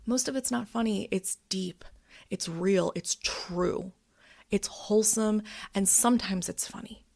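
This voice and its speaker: Gravelly-voiced woman in her thirties. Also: mid-range voice, a little slow, darkish tone. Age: 30s. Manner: swearing, worked-up storytelling. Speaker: vlogger. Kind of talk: candid personal update.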